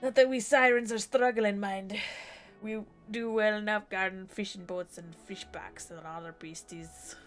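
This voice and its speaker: A woman playing a slow-drawling siren pirate. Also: mid-range voice, steady tone, faint music behind, lightly acted. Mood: folksy. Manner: slow, folksy seafaring drawl. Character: rough-talking female siren pirate.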